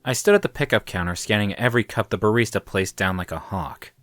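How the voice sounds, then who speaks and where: A man's voice: on the low side, quick pace, fairly bright tone, no room sound. A man narrating a first-person story in a wry, dramatic way.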